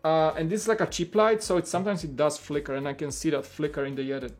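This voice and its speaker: A man's voice: a little high, fairly even intonation, fast talker, faint music behind. A man hosting a casual livestream, rambling along and filling his talk with "like" and restarts. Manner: rambling, heavy use of "like" and restarts. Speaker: livestream host. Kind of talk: casual chat.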